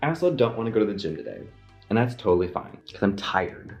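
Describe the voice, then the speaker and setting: Deep-voiced young man vlogging. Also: very animated, fast, highs cut off. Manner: rambling, lots of "like" fillers. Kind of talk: casual chat to camera. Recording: echoey room with faint music.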